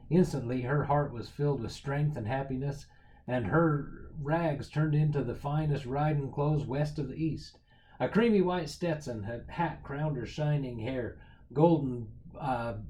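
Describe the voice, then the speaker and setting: A man reading a picture book aloud as a storyteller, with lively, expressive storytelling. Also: medium pitch, rough recording.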